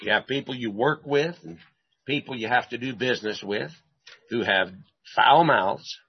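A man's voice: mid-range voice, moderate pace, vocal fry, husky, muffled recording. A man preaching a sermon who asks rhetorical questions and repeats his phrases for emphasis.

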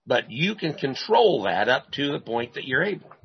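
A man's voice: mid-range voice, big pitch swings, normal speed, gravelly, slightly rough, lo-fi sound. A man preaching a sermon who asks rhetorical questions and repeats his phrases for emphasis.

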